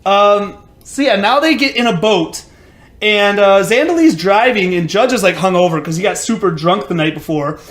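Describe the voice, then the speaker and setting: A man with a strikingly high voice co-hosts a podcast. He tells stories in an animated, casual way, swearing freely along the way. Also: normal speed, echoey room. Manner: animated storyteller, casual and profane. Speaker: podcast co-host. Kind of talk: casual chat.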